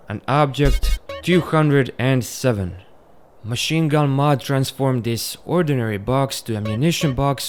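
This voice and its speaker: A young man narrating a casual, unscripted gameplay tutorial, with a relaxed delivery and some stumbles. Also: medium pitch. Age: young adult. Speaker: gaming channel host.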